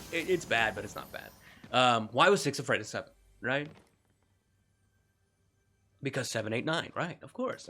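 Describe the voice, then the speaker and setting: Male gaming streamer, bright voice, loose joking tangents. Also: mid-range voice. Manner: rambling, joking, full of tangents. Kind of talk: casual gaming stream commentary.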